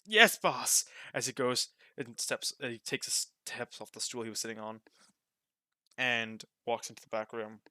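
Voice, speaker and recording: A man's voice: mid-range voice, flat delivery, normal speed, sharp tone, no room sound, studio quality. A man narrating a tabletop game as game master in a casual, descriptive way.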